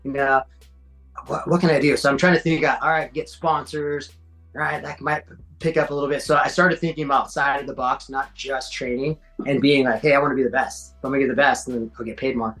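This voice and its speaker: Middle-aged so-cal dude telling old fight stories, loose and slangy, jumps into voices, faint music under. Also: male voice, medium pitch, fairly quick, low-quality recording. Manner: animated, acts out quoted voices, slangy. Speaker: podcast guest, former MMA fighter. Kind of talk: casual storytelling.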